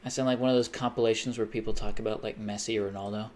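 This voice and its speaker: A man live-streams as he games, talking rapid-fire with almost no pauses. His lowish voice is steady and darkish, with a slight hiss or hum in the audio. He rambles in a self-deprecating way and chants silly repeated noises.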